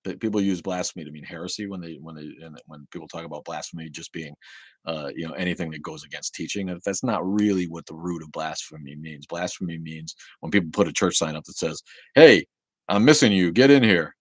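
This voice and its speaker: A man's voice: very deep voice, fairly even intonation, fast talker, slightly rough, no echo, clean studio sound. A man hosting a casual livestream, reading out viewer comments and answering them with sarcastic, profane rants full of restarts.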